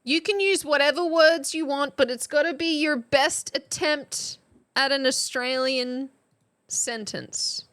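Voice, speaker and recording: Her voice sits high and unhurried as this young woman hosts a jokey mock class live. She talks casually, breaks into laughter often, and cries out with excitement.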